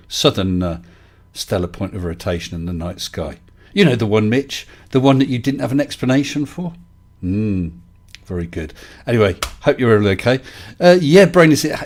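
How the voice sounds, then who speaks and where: A middle-aged man, hosting a casual live-stream chat from his home desk, joking and talking to viewers by name. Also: fairly low pitch. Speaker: livestream host.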